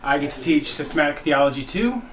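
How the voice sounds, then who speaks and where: A man who is a new professor, answering with dry, deadpan humor. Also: a little high, fast, a little hiss or hum. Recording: echoey room.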